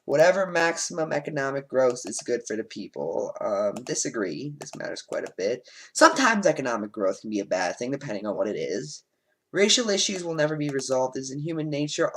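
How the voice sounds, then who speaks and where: A man's voice: mid-range voice, sing-song, fairly quick, low-quality recording. A man and let's play host, reading quiz statements aloud and answering them bluntly, with frequent ums, on a home desk microphone.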